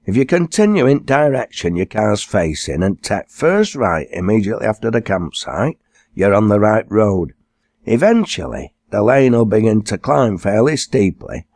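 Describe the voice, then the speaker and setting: A man's voice: on the low side, darkish tone, no echo, clean studio sound, exaggerated voice. A man doing a careful old grandad. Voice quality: clear, careful explaining. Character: kindly older grandfather, patient and precise.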